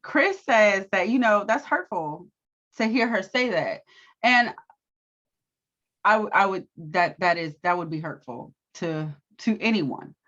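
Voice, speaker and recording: A woman co-hosting a casual TV recap, with quick, sassy reactions and asides. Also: medium pitch, lively intonation, fairly bright tone, muffled recording. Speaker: co-host of a TV recap show.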